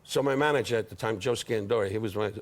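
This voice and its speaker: An older man, a guest comedian trading needling insult-comedy banter in a television studio. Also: on the low side. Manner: brash, needling, rapid-fire put-downs. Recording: studio audience laughter, noisy broadcast.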